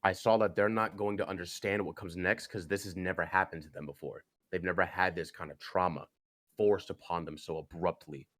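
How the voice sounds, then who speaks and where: Young man, very low voice, earnest, halting storytelling, dry close sound. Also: fairly even intonation, fairly bright tone, no echo. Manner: earnest, halting, with many restarts and "you know". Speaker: podcast guest. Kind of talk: personal storytelling on a podcast.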